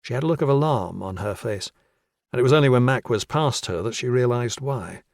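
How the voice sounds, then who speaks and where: A man narrating a crime thriller audiobook in a steady, measured reading. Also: mid-range voice, vocal fry, no echo, clean studio sound. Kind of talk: scripted narration.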